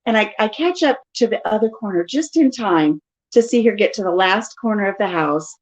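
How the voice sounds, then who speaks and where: A middle-aged woman casually telling stories in an animated way during a live chat at home. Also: medium pitch, normal speed, rough recording. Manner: chatty, animated storytelling. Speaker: vlogger.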